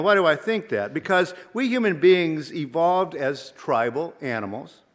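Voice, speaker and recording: A man, a minister, giving a sermon in a measured, reflective way and asking many rhetorical questions. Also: on the high side, fairly bright tone. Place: church sanctuary. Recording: long reverb of a large hall.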